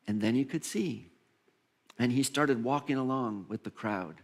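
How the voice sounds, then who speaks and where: A man's voice: medium pitch, sing-song, brisk. A man preaching a sermon as minister, acting out the voices of Bible figures and laughing at himself along the way.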